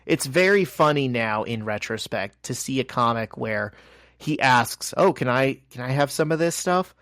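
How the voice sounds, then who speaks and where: A podcast co-host casually recaps a comic, animatedly acting out the characters' lines. He has a medium-pitched voice at a moderate pace, recorded cleanly in a studio with no echo.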